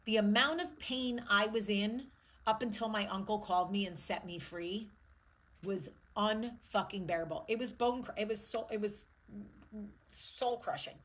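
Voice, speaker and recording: A woman in her forties speaks straight to her viewers in a husky, slightly breathy voice. She is candid and emotional, and she swears bluntly as she talks through a personal story. Her pitch sits in an ordinary middle range. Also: normal speed, fairly bright tone, rough recording. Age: 40s. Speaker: show host. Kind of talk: candid personal vlog monologue.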